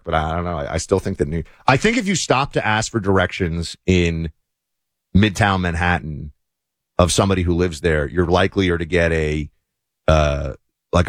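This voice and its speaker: A man's voice: sits low, dry recording, clean studio sound. A man hosting a talk show, chatting casually with many fillers. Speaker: show host. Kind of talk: casual political commentary.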